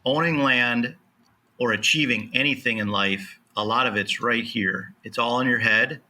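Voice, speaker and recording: A man's voice: medium pitch, normal speed, bright, forceful tone. A man on a podcast as a land specialist guest, speaking emphatically and motivationally, acting out bits of dialogue as he explains. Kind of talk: podcast interview.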